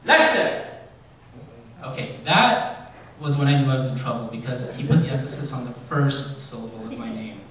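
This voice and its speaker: Man in his forties delivering a storytelling eulogy, halting with ums, heard from a distance in a very echoey hall with faint ambience. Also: mid-range voice, animated, a little hiss or hum. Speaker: son giving a eulogy. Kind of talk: eulogy told as personal stories.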